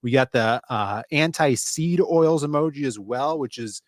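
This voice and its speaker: A man's voice: medium pitch, measured pace, no room sound, clean studio sound. A man co-hosting a casual livestream, rambling loosely and greeting people in the chat by name. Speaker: podcast co-host.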